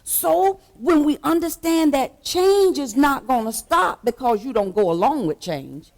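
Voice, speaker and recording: A woman preaching a sermon with repeated call-and-response lines, dropping to hushed asides and then rising to shouts. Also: high-pitched, lively intonation, unhurried. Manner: swings between hushed asides and shouted exhortation. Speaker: pastor.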